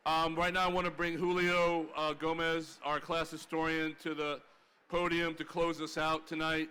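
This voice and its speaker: A man in his sixties emceeing a reunion dinner, tearful and excitable, stumbling over his words. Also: fairly high pitch, normal speed, clear, resonant tone. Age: 60s. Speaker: master of ceremonies. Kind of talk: emotional emcee remarks.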